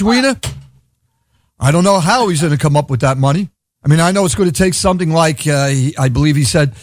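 A man's voice: high-pitched, no room sound, studio quality. A man with a Brooklyn accent hosting a radio show, rambling sardonically and laughing at his own jokes. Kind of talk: irreverent comedic radio monologue.

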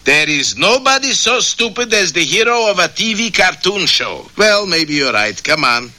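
Boris Badenov, scheming cartoon villain. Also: male voice, sits high, very animated, normal speed, pushed and bright, exaggerated voice. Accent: mock Eastern European. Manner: broken-English scheming, theatrical. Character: scheming villain spy man, sly and pompous.

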